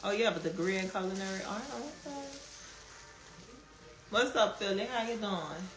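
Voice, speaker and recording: Over music, a woman with a medium-pitched voice talks at normal speed, casually answering live stream comments and laughing frequently. Her strong Southern drawl and laid-back slang come through a phone mic, in an echoey room with a faint background hum.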